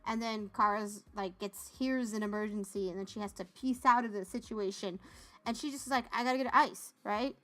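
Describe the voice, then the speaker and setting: A woman's voice: medium pitch, fairly even intonation, normal speed, a bit bright. A young woman co-hosting a podcast, chatting casually and sarcastically, often laughing. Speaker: podcast co-host. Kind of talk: casual chat.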